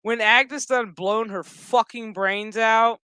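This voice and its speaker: A man rambles through a casual, profane episode recap full of sarcastic asides. His voice is bright and crisp. It is picked up close and dry. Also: high-pitched, fairly even intonation, slow pace, dry recording. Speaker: show recap host.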